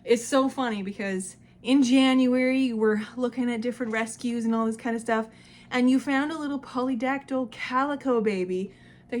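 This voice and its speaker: A woman in her twenties, vlogging casually and talking to her past self, emotional and quick to laugh and tear up. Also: a little high, fairly even intonation, darkish tone. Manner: emotional, laughs and cries easily, swears casually.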